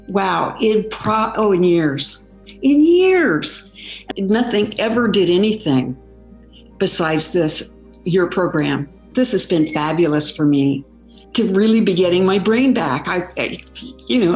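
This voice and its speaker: A woman giving an excited, enthusiastic testimony. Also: on the low side. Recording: roomy sound with faint music.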